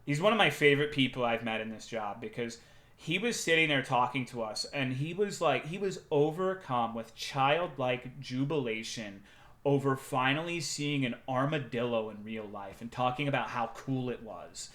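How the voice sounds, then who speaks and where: A young man streaming, telling profane, animated anecdotes to his chat and acting out the quotes. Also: medium pitch, moderate pace. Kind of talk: casual storytelling to chat.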